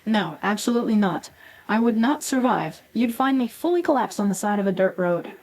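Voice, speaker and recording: A woman's voice: medium pitch, expressive, fairly quick, darkish tone, poor audio. A woman co-hosting a scripted podcast, giving sassy, dramatic reactions. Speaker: co-host.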